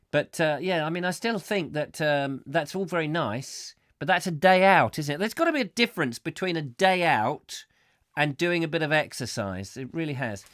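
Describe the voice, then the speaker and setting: Male host, higher-pitched, dry close sound; rambling, chatty delivery. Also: lively intonation, normal speed, fairly bright tone, no echo. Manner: rambling, chatty, many ums, reads out comments. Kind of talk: live call-in chat show.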